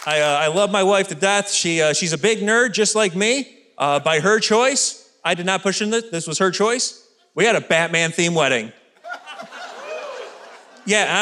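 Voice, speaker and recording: A man in his thirties doing a stand-up comedy routine, telling energetic, self-deprecating stories on stage. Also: high-pitched. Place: comedy stage with live audience. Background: faint audience laughter and room noise.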